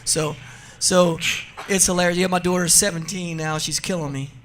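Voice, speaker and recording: A man in his forties from New Jersey, a radio interview guest telling funny stories in a lively, laughing way. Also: high voice, normal speed, a little hiss or hum. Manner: animated, laughing storyteller. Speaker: guest, drag racer. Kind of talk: casual radio interview storytelling.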